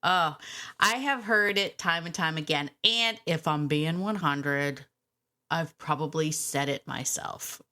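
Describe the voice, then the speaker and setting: A woman hosting a dog-training podcast, chatty and animated, laughing often. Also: low-pitched, takes it slowly. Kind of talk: casual podcast chat.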